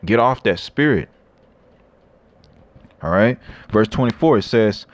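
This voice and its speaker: A man's voice: on the low side, expressive, moderate pace, pauses often, no room sound. A man preaching and reading scripture aloud, blunt and coarse, tagging lines with "man" and "all right". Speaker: street preacher.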